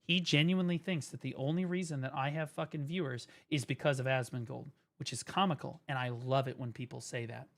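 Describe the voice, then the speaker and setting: A man's voice: mid-range voice, a little fast, vocal fry, hardly any pauses. A man streaming, ranting and mocking in a profane comedic style at a desk microphone. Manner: profane, mocking, lively rant.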